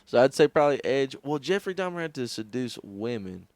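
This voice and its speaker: A man's voice: mid-range voice, expressive, a little fast, darkish tone, no echo, studio quality. Laughing young man in podcast chat. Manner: laughs often, riffs with impressions. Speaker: podcast co-host. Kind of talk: casual comedic chat.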